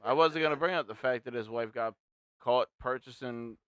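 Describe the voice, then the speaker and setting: A man with a bright, crisp voice hosts a loose live stream, cracking crude jokes and steering the talk. The sound is dry and close to the mic. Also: medium pitch, moderate pace, no room sound. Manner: crude, joking, bossy about mic setup. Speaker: stream host. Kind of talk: casual stream chat. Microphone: headphones and shared microphone.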